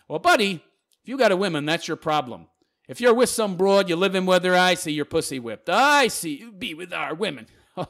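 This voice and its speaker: Brief: high-voiced male vlogger, sarcastic mocking rant, swings all over in pitch. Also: fairly bright tone. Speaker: YouTube commentator. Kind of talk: reacting to viewer comments.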